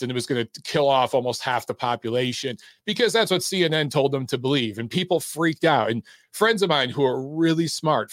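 A man's voice: mid-range voice, fairly bright tone, no room sound, studio quality. Blunt, profane man hosting a call-in stream. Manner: blunt, profane and laid-back. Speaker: host of a boxing call-in live stream. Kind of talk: casual live-stream chat, reading chat and taking calls.

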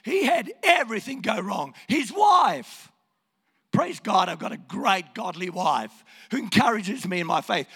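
A man preaching a sermon with a hoarse, croaky voice, swinging from hushed to shouting. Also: sits high, very animated, measured pace, big-room sound. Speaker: pastor.

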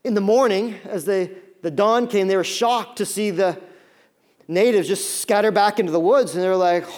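A man in his thirties preaching a sermon, telling stories with lively acted-out voices and many fillers. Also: sits high, brisk. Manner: animated storytelling, acts out voices, many fillers. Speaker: pastor.

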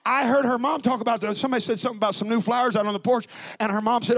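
A man preaching a Pentecostal sermon, teasing and conversational at first, then building to shouted, drawn-out preaching. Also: very high-pitched. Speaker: pastor.

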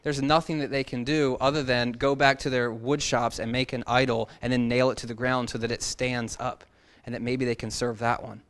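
A man leads a relaxed, expository sermon in a mid-range voice. He works through a scripture passage as a Bible teacher, keeping his tone conversational and breaking in now and then with playful asides. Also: mid-range voice, normal speed.

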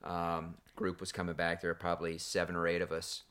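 Deep-voiced man hosting a chat. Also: a little fast, clear, resonant tone. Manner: relaxed, rambling storyteller with fillers. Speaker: podcast host. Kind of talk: casual chat.

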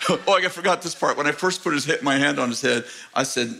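A man's voice: on the high side, fast, gravelly, hardly any pauses, pushed and bright. An American man preaching a sermon as pastor, telling a story with laughter and acting out the voices of the people in it. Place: large church auditorium.

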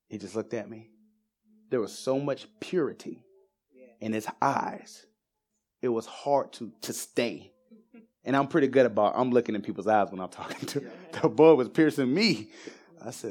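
A man preaching in church, telling testimonies in a storytelling way that builds into excited emphasis. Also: on the low side, moderate pace, pauses often. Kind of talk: sermon testimony.

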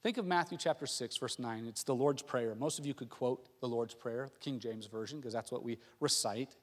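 A male pastor preaching a sermon, telling stories in an animated way that swings from hushed to loud. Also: mid-range voice, normal speed, long reverb tail.

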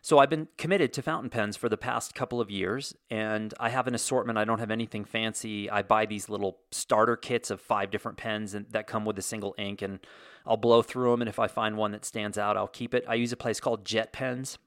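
A man's voice: on the low side, fairly even intonation, fairly quick, fairly bright tone, no room sound, studio quality. A man in his forties hosting a casual solo monologue, telling stories in a wry, sarcastic way with comic exaggeration.

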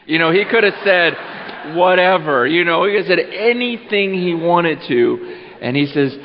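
A man preaching a Christmas Eve sermon in a church, animated and repeating words, dropping low and quiet for emphasis. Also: normal speed. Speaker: pastor. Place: church sanctuary. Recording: muffled with long hall reverb.

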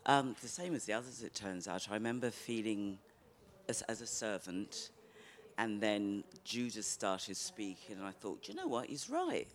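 A man in a church group sharing a personal reflection, halting and emotional, with frequent restarts. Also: on the low side, fairly even intonation. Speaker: group participant.

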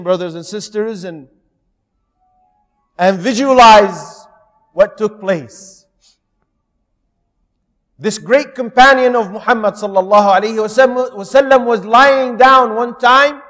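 A man's voice: extremely high pitch, fairly bright tone. A man preaching a sermon, telling stories with earnest feeling and speaking directly to his listeners. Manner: earnest storytelling, addresses the audience directly. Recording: long hall reverb.

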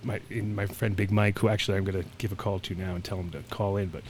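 Male talk host, lowish voice, rambling animated storyteller, swears freely. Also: fast, a little hiss or hum. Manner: rambling, animated, profane storyteller, acts out quotes. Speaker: podcast host. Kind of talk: casual storytelling chat.

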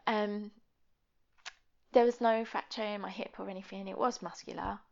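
A woman's voice: medium pitch, fairly even intonation, moderate pace, gravelly, highs cut off. A woman speaking as a podcast guest, telling a personal story frankly and rambling, with frequent fillers. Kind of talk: candid conversational storytelling.

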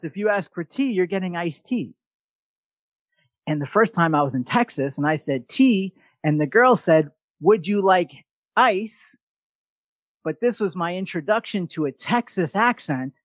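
A man's voice: sits high, moderate pace, dry recording. New man telling stories, dry sound. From New York. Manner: animated, mimics other voices in quotes, swears casually. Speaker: podcast host. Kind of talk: casual storytelling chat.

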